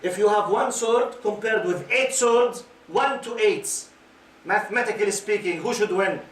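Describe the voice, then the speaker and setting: A man in his fifties gives an Islamic lecture to young people in a lecture hall with a live audience, questioning listeners and waiting for their answers. He talks in loose, repeating phrases, often adding "okay?", in a high, fairly bright voice at a moderate pace. The echoey room is picked up from a distance.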